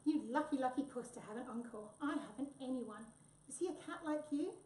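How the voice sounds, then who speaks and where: A woman reading a picture book puts on a tubby, childlike wombat with a sulky streak. The voice rises a little higher than her usual and sounds naive and eager. It is distant and echoey. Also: brisk, warm tone, a little hiss or hum, lightly acted. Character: tubby childlike male wombat, easily upset. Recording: echoey room, voice from far off.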